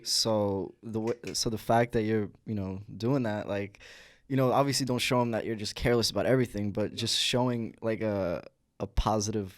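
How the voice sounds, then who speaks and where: A man's voice: on the low side, moderate pace, no room sound. A man hosting a podcast, talking in a thoughtful, rambling casual chat. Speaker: podcast host.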